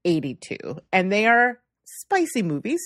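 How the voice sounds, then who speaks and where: A woman's voice: medium pitch, wildly swooping pitch, a little slow, a bit bright, dry recording, studio quality. A woman hosting a podcast in casual chat, playful and teasing, laughing often as she leads the talk. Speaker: podcast host.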